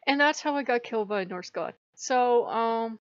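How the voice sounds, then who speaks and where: A woman's voice: a little high, moderate pace, clean tone, no room sound, muffled recording. A woman vlogger telling a casual ranting story, swearing freely and often laughing. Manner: profane, laughing, animated.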